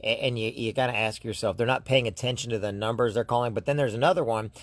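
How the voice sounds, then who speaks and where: A man from the United States talks casually to his viewers in a vlog, rambling and often restarting his sentences. His voice sits at an ordinary middle pitch. The sound is dry, with no room echo around it. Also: steady tone, fast. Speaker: YouTube host.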